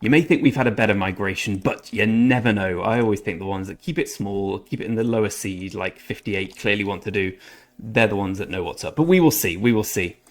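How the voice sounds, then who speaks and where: A man's voice: fairly low pitch, a little fast. A man rambling through casual commentary over his strategy game, often correcting himself mid-sentence. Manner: chatty, rambling, self-correcting. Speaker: gaming channel host.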